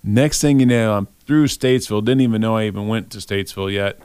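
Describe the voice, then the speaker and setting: A man's voice: fairly low pitch, fast talker, a little mellow, clear, resonant tone, dry recording. A middle-aged man giving a devotional, telling a personal story in a conversational way and voicing his own thoughts aloud.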